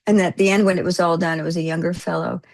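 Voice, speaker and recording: Animated woman telling a funny story. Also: lowish voice, fast. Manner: animated, laughing storyteller who acts out quotes. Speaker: guest actor. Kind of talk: casual interview storytelling.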